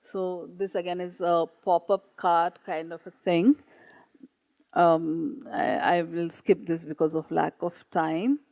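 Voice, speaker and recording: In a meeting room without echo, a woman teacher gives a conference presentation on her classroom work, reading her pupils' writing aloud. Her lowish, darkish voice has vocal fry and comes out flat and slow, her manner earnest but hesitant.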